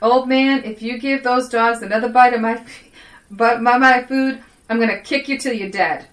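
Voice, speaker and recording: A woman voicing a brash older woman with a put-on Southern Italian accent, gruff and threatening. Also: on the high side, fairly even intonation, normal speed, close to an everyday voice. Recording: echoey room.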